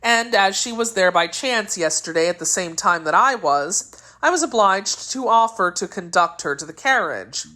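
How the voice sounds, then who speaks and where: A woman reading aloud, voicing a sly young male musketeer who tells a guarded, smooth tale. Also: mid-range voice, animated, moderate pace, sharp tone, pitched above the performer's own voice.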